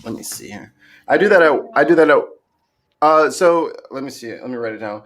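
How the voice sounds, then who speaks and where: A man's voice: fairly high pitch, expressive, fairly quick. A man hosting a casual livestream chat over a video call, playful and goofy, laughing often as he runs a points game. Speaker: host.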